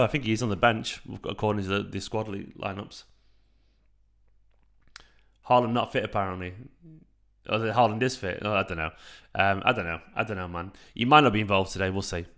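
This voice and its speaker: A man in his thirties hosting a late-night live stream from home into a microphone, talking in a hushed, half-whispered way, with a raspy voice. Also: fairly low pitch. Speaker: fan channel host streaming a match watchalong. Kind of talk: casual live chat with viewers.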